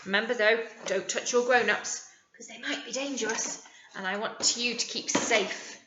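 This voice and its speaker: An English woman teaching phonics to young children, sounding out words slowly and warmly encouraging them. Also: a little high, reverberant, dull audio, background noise. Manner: slow, sing-song, exaggerated word sounding for small children. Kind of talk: early years phonics lesson.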